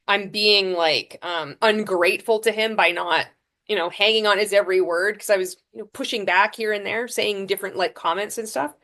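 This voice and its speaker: A woman's voice: mid-range voice, moderate pace. Frank woman recounting her past. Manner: frank, animated, many fillers and restarts. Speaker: podcast guest, former MLM seller. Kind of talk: candid storytelling interview.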